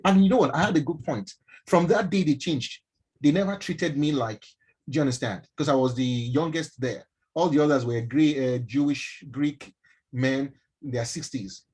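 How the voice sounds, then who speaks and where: A man with a Nigerian accent gives an animated mentoring talk on a live stream and often asks his listeners questions. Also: fairly high pitch, moderate pace, slightly rough, low-quality recording. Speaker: mentor speaking to young people.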